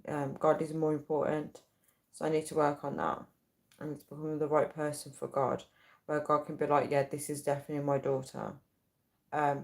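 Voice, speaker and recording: Woman on a late night livestream, lowish voice, laughs a lot while reading chat. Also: darkish tone. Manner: chatty, giggly, reads comments aloud. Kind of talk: casual live-stream chat.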